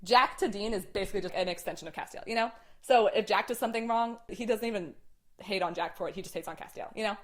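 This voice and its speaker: A young woman hosting a casual chat, animated, swearing and packing her talk with "like". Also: mid-range voice, fast. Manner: animated, swearing, many "like" fillers. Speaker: host.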